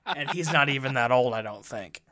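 A man's voice: mid-range voice, lively intonation, moderate pace, pushed and bright. A man co-hosting a podcast in casual chat, playful and jokey as he tells stories.

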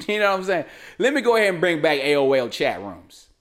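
A young man riffs through a loose comedy rant, his voice sitting high and leaping all over the place. He talks slangy and casual, tossing in "man" every few lines. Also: brisk. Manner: animated, slangy, keeps saying "man". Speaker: comedic commentary host.

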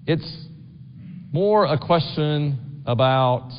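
Chatty pastor in an echoey church. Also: male voice, a little high, lively intonation, very slow, slight background noise. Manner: conversational, frequent "right?" asides to the congregation. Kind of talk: sermon. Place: church sanctuary. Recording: dull long-reverb church recording.

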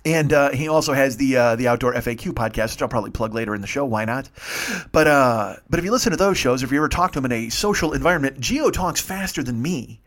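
A man's voice: medium pitch, animated, fast talker, a bit bright. A man hosting a podcast, delivering a profane, rambling comedic rant full of swearing. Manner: ranting, rambling, heavy swearing. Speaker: podcast host.

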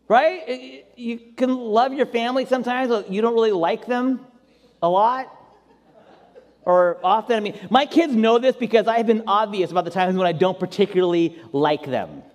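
Man preaching, high voice, self-deprecating storyteller, long hall reverb. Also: animated, moderate pace. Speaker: pastor. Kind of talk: sermon.

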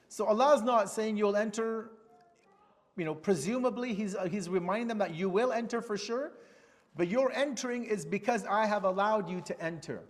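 High-voiced man teaching in a reverberant hall. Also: a little fast. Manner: patient, explains step by step, repeating key terms. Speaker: Islamic teacher. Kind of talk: religious lecture.

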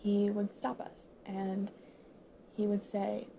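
A young woman in her late teens, a high school student, choked up and teary as she talks to viewers in a halting, emotional monologue full of pauses that keeps dropping into whispers. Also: completely flat delivery, gravelly, mellow, slight background noise.

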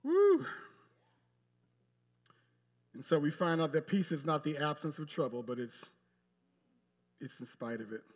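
A male pastor preaching a sermon to a live congregation in a church, speaking emphatically with long pauses and addressing the pews directly. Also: on the high side, very animated, darkish tone.

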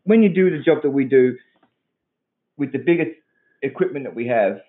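A man's voice: medium pitch, animated, normal speed. An Australian man ranting crudely and swearing bluntly in casual chat, rambling as he talks. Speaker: podcast co-host. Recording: tinny phone-like audio.

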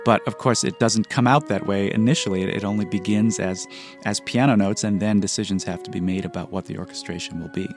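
A man's voice: fairly low pitch, fairly even intonation, fast, soft background music. A man, a composer, being interviewed and explaining how he writes, thoughtful in manner, counting beats and humming rhythms aloud. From United States. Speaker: composer guest.

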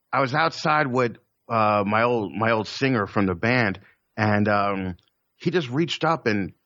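A man's voice: fairly low pitch, fairly bright tone, no echo, lo-fi sound. A man telling stories in casual chat, profane and rambling, with stammered restarts.

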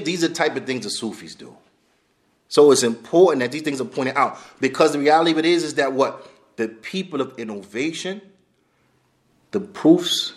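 A man teaching a class on hadith, talking bluntly and casually with lively asides, dropping Arabic terms into his English. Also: mid-range voice. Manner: animated, blunt street-style talk, laughs, mixes in Arabic terms. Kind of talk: lecture on hadith.

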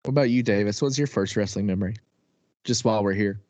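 Male co-host, excitable and loose, laughs easily, dry close mic. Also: lowish voice, fast, no room sound. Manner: excitable, laughs often, swears casually. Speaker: podcast co-host. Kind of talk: casual chat.

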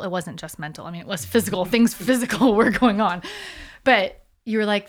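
A woman telling a personal race story in casual conversation, animated and full of fillers and restarts. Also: mid-range voice, moderate pace.

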